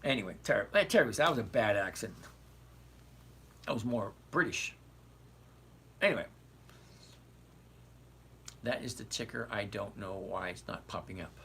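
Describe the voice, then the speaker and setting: Chatty older man with a bright voice. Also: fairly low pitch, expressive, moderate pace, gravelly, pauses often, a little hiss or hum. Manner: rambling, digressive, chatty, addresses viewers by name. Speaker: trading livestream host. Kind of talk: casual livestream chat answering viewer questions.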